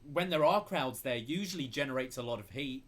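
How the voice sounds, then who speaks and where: A man co-hosting a podcast, giving relaxed, opinionated takes with frequent fillers. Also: mid-range voice, brisk. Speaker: podcast co-host. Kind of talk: casual wrestling discussion.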